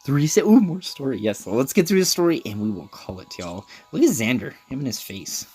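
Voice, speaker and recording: A man giving casual, excitable gameplay commentary, chatty and loose. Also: medium pitch, a little fast, breathy edge. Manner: chatty, excitable, lots of "dude" and "like". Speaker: gaming video host. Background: game music.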